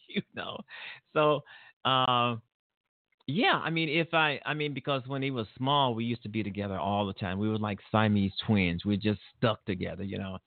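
A middle-aged man with a mid-range voice hosts a laid-back talk show from home, speaking a little slowly in a sing-song way as he rambles and repeats himself about his son. There's no echo, but the audio is tinny, like a phone line.

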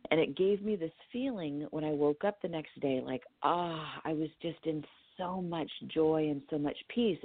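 A woman from California, a dream therapist telling a personal story as a podcast guest, animated and acting out what people said. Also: deep voice, dry recording. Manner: animated storyteller who acts out her own quotes. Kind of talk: storytelling in a conversational interview. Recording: tinny phone-like line, dry.

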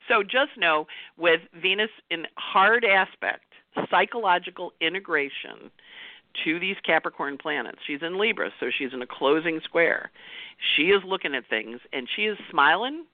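A woman's voice: fairly low pitch, lively intonation, measured pace, no echo, phone-quality sound. A woman astrologer giving a chatty weekly forecast. She laughs often and acts out the voices she quotes.

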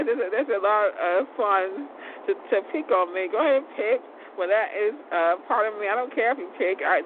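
Woman host, rambling solo monologue, stumbles and repeats herself, phone-quality sound with loud noise behind. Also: medium pitch. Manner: rambling, repeats words and restarts often. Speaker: show host. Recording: tinny phone-like audio with loud background noise.

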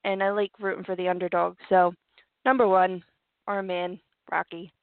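A woman from Philadelphia co-hosting a show in casual chat, animated and quick to laugh. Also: fairly low pitch, no echo. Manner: animated, laughs often, chatty. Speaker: co-host. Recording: tinny phone-like line, dry.

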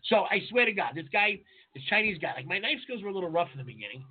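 Fast-talking, husky-voiced New man. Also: sits high. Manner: profane, animated storytelling. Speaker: podcast co-host, chef. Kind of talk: casual chat, storytelling. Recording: tinny phone-like audio.

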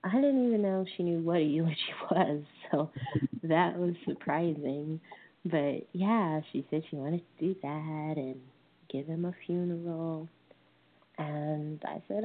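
A woman in her thirties, a lay minister giving a dharma talk, telling a family story slowly and gently with wry humor. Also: low-pitched. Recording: tinny phone-like sound.

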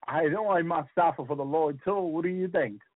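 High-voiced man preaching over tinny radio. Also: no echo. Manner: fervent, with frequent hallelujahs and halting repeats. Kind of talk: sermon on scripture and visions. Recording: tinny phone-like radio sound.

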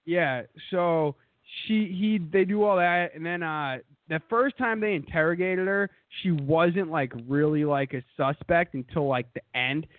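A man's voice: on the high side, unhurried, hardly any pauses, dry recording, phone-quality sound. A man co-hosting a podcast, retelling stories in a profane way and putting on mocking voices. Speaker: podcast co-host. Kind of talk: casual storytelling chat.

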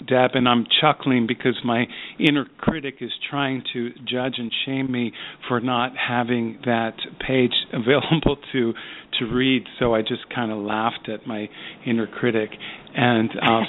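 A man talks at an unhurried, measured pace, reflecting on his work as a psychiatrist. His voice sits in a middle register and comes through a narrow, phone-like line, with frequent pauses and fillers. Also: mid-range voice, fairly even intonation. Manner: slow, thoughtful, with many pauses and fillers. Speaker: psychiatrist guest. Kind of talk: reflective interview talk.

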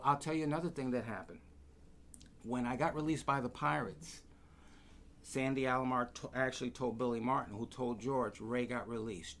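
A man, telling lively stories as a guest and acting out the voices of the people in them. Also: mid-range voice. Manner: animated, acts out quoted voices. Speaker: guest storyteller. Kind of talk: casual anecdotes.

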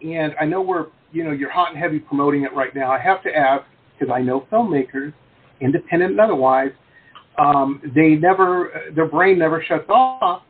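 A man's voice: fairly high pitch, normal speed, slightly rough. A chatty man from the United States hosting a casual video interview, rambling and joking as he talks. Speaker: interview host. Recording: tinny call audio with faint hiss.

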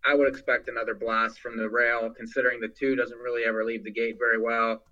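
A man's voice: medium pitch, level tone, fast talker, sharp tone, dull audio. A man on a racing panel giving his picks, hedging a lot with fillers. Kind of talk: casual handicapping talk.

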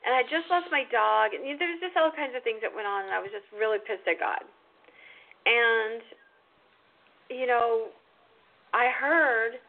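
A middle-aged woman, a psychic medium hosting a call-in show, speaking in a soothing, emotional way that turns animated when she tells a story. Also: a little high, normal speed, gravelly, long pauses. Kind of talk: call-in radio show talk. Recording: tinny phone line, faint hiss.

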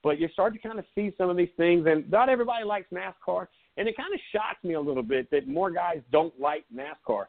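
A man in his forties from South Carolina, a sports talk host telling rambling, sarcastic stories in casual live chat. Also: fairly high pitch. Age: 40s. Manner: rambling storyteller, laid-back and sarcastic. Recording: tinny phone-like line.

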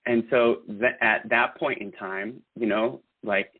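A man's voice: on the low side, fairly even intonation, unhurried, breathy edge, no echo. A man guest-hosting a casual talk show, speaking earnestly in a rambling way with many restarts. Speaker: guest host. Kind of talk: casual podcast chat. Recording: tinny phone-like line.

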